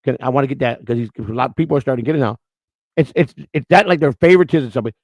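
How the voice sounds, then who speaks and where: A man's voice: medium pitch, racing, darkish tone, no echo, rough recording. A man hosting a live-stream morning show, rambling in unscripted chat, blunt and crude, restarting his words again and again.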